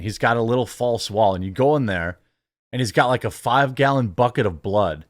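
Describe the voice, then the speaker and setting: A man's voice: medium pitch, no room sound. Brief: male commentary host, sarcastic rambling rant, dry close-mic sound. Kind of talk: reaction commentary.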